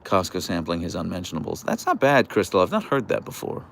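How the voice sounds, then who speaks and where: A young man's creaky, slightly bright voice swoops wildly in pitch as he talks fast on a casual livestream from an outdoor deck. He chats, reads viewer comments aloud, and coos at his dogs in a high voice, with slight background noise.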